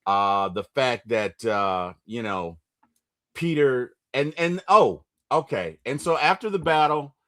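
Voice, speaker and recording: A man hosting a casual movie recap chat, retelling scenes with lively bursts and quick impressions. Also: medium pitch. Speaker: movie review podcast host.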